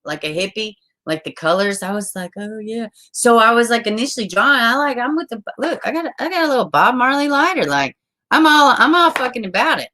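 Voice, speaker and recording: A woman's voice: medium pitch, sharp tone. A woman streamer rambling casually to her viewers, swearing often and trailing off mid-thought. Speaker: live streamer.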